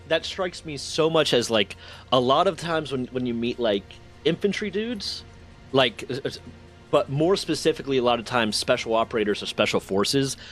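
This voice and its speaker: A man's voice: medium pitch, fairly bright tone. A man hosting a stream, chatting casually and telling stories with frequent restarts and swearing. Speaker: streamer host. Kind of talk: casual chat.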